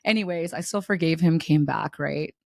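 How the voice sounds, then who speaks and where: A young woman co-hosting a chatty podcast, recounting her own dating past with a lot of feeling. Her voice sits fairly low for a woman and sounds dry and close, with no room around it. She talks candidly, laughs through the hard parts and doesn't soften her language. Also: normal speed, vocal fry, no echo. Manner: animated, candid, laughs through the story, swears freely. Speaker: podcast co-host. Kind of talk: casual podcast chat, storytelling.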